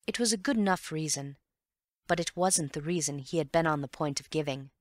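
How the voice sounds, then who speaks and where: This is scripted narration of a mystery audiobook by a low-voiced woman who keeps an even, measured storytelling pace. It has studio quality and no echo.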